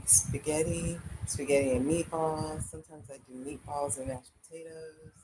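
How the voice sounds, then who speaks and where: A woman chatting candidly and freely on a casual live stream at home while she paints. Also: low-pitched. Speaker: livestreamer. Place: indoors at home. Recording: loud background noise.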